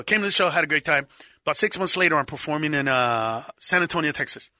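A man, a comedian, telling a story in casual chat, animated and laughing often, acting out voices. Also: fairly high pitch, fast talker, no room sound, studio quality. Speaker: stand-up comedian guest.

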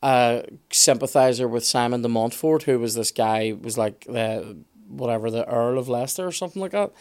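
A man chatting casually on a podcast, opinionated and animated, with some swearing. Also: medium pitch, moderate pace, clear, resonant tone. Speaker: podcast guest expert.

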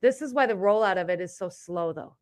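A young adult woman hosting a casual live podcast, chatty and animated, laughing often and restarting her sentences. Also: mid-range voice, a little fast. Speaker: podcast host. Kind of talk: casual live-stream chat.

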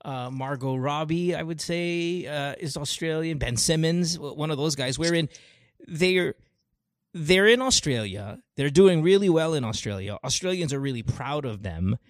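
A man from the Philippines hosting a call-in talk show, chatting animatedly and working through examples with quick restarts. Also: fairly high pitch, expressive, no echo, clean studio sound. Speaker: radio show host. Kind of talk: casual chat with callers.

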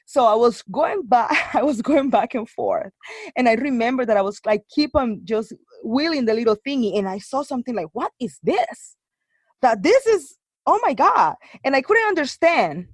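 A woman's voice: on the high side, fairly quick, dry recording. Chatty woman with dry close sound. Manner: animated storytelling, many fillers and restarts. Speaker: guest. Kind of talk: casual chat.

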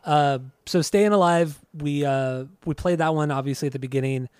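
A man's voice: a little high, normal speed, darkish tone, clean tone, no echo, clean studio sound. A man hosting a podcast, chatting casually with a rambling, hesitant way of talking. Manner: rambling, hesitant, full of restarts. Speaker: podcast host. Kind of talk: casual chat.

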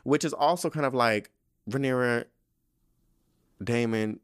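A man hosting a podcast, recapping a TV episode in animated, profane, slang-heavy casual commentary. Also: mid-range voice, a little slow, long pauses, clear, resonant tone, no room sound, clean studio sound. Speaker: podcast host.

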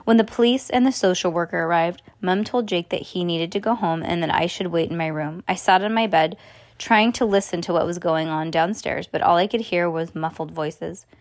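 A woman reading a children's novel aloud in the first person, pausing to explain bits to a listener. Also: on the low side, no echo. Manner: expressive, stops to explain to a listener. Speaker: storyteller.

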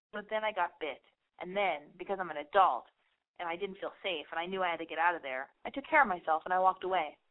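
A woman hosts a radio show alone and tells long, rambling stories, swearing freely. Her voice comes through a thin, tinny band that sounds like a phone line. Her pitch sits in a middle range for a woman. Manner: profane, rambling and animated storytelling. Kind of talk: casual radio monologue.

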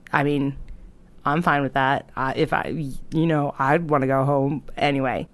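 A woman's voice: a bass voice, level tone, moderate pace. A young woman casually retelling a horror story in a chatty way, full of filler words and disgusted reactions.

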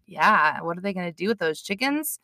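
A woman's voice: fairly low pitch, expressive, a little fast, bright, forceful tone, no echo, studio quality. A woman co-hosting a podcast, chatting casually in a blunt, sarcastic way and swearing freely. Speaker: podcast co-host. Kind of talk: casual chat.

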